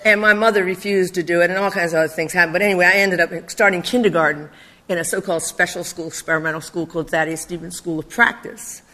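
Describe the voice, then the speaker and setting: An older woman from Philadelphia giving a public talk, telling her personal story in a conversational, animated way. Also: on the low side, fast. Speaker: speaker.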